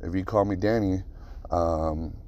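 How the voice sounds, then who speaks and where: A man hosting his own podcast, telling rambling, profane stories in a casual, animated way. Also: low-pitched, measured pace, lo-fi sound. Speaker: podcast host. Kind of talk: casual solo podcast storytelling.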